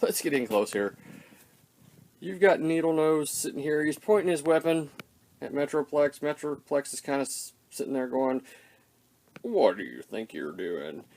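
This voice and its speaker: A man's voice: on the high side, normal speed, a little mellow. An older man hosting a casual toy-review vlog, rambling and self-deprecating.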